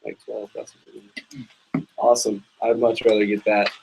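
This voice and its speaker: A man's voice: lowish voice, little pitch movement, measured pace, vocal fry, noisy background. A man taking part in a sales training role-play, speaking hesitantly with frequent ums. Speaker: workshop trainee.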